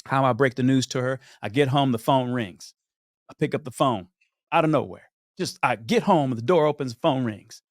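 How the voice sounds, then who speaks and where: This podcast guest, a man in his thirties, tells a story conversationally and acts out the people in it with plenty of animation. He has a mid-range voice and speaks at normal speed. The recording is dry and clean, studio quality.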